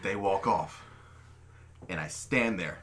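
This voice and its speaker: A podcast host with a deep, slightly bright voice speaks slowly as he tells friends a long, funny childhood story. His chat is casual and profane, and he pokes fun at himself throughout.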